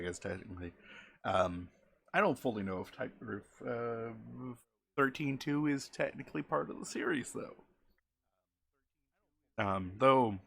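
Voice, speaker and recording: Man, game streamer, casual rambling chat, low pitch, gravelly fry. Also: a bit bright. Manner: rambling, self-correcting.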